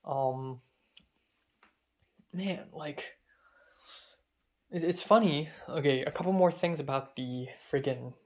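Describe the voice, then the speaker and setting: A man's voice: fairly high pitch, slow pace, pauses often, darkish tone. Chatty young man rambling. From Hong Kong. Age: young adult. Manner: chatty, self-deprecating, rambling asides. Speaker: film student vlogger. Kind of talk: casual storytelling monologue.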